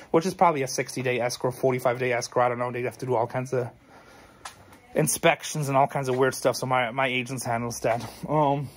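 A tired man who runs a thrift store, talking casually to his viewers with rambling, frank advice. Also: medium pitch. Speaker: thrift store owner and vlogger. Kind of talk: casual talk to camera.

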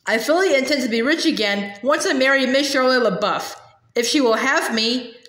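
A woman's voice: high voice, moderate pace, a bit bright, echoey room. A woman reading the lines of a vain young frog prince, stammering and hesitant. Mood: breathless.

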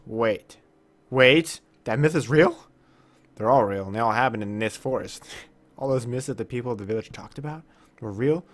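A man's voice: mid-range voice, normal speed. A man commentating a horror game as he plays, jumpy and exclaiming with minced oaths, reading the dialogue aloud. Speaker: gaming YouTuber. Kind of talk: let's play commentary.

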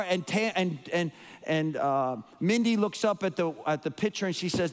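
A man's voice: high voice, animated, moderate pace. Emotional man preaching in a reverberant hall. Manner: emotional, rambling with restarts and repeated words. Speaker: guest preacher. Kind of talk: storytelling sermon. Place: church sanctuary.

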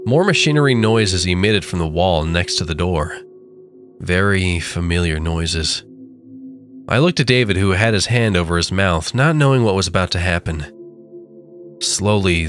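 A man with a low, expressive voice tells a first-person horror story, lingering dramatically over lines. Faint music plays beneath his narration.

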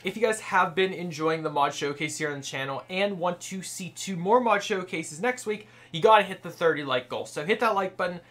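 Young man, game video host, casual loose commentary, bright edgy tone, slightly high voice. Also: a little fast, hardly any pauses. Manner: chatty, loose, many fillers while reading aloud. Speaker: gaming channel host.

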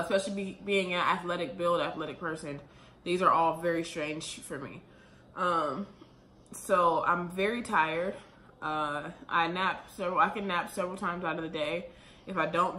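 Breathless pregnant woman chatting fast. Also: lowish voice, sharp tone. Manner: chatty, rambling, fast with many fillers. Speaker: vlogger. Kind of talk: casual vlog talk to camera. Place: room at home, late at night. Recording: echoey room with faint ambient noise.

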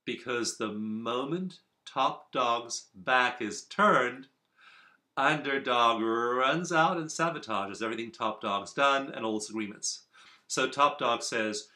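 Man, self-help teacher, bright crisp tone, earnest and measured, in his office. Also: medium pitch, lively intonation. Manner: earnest, measured, with repeated emphasis. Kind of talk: recorded video lesson.

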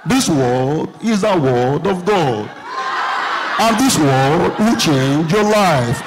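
A comedian voicing a solemn male pastor preaching slowly and gravely, in a Nigerian accent. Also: animated, crowd noise, background noise. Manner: slow, grave, booming delivery.

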